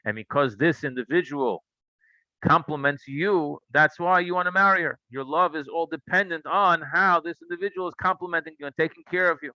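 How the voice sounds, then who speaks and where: A man's voice: on the high side, a little fast, dry recording, highs cut off. A man teaching a Torah class, telling stories and asking rhetorical questions. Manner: animated storytelling, asks rhetorical questions.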